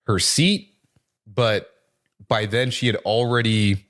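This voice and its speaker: A man's voice: lowish voice, fairly even intonation, slow pace, fairly bright tone. A man co-hosting a casual podcast, chiming in with short, blunt remarks and swearing. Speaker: podcast co-host. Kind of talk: casual chat.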